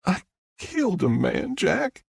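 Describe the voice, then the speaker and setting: A woman's voice: fairly low pitch, wildly swooping pitch, slow, creaky, a little mellow, slightly rough, no room sound, studio quality, voice pushed up, exaggerated voice. A man voicing a frightened, overwhelmed young woman who speaks in a pleading, shaky way. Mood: distraught.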